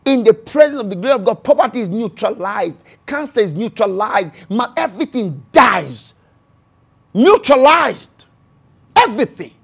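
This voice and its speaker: A preacher delivering a sermon in a mid-pitched voice. The delivery is theatrical, with dialogue from scripture acted out and key phrases said again and again. Loud, pushing bursts give way to quiet, hushed lines. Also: very animated, brisk, gravelly, few pauses, slightly rough. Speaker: pastor.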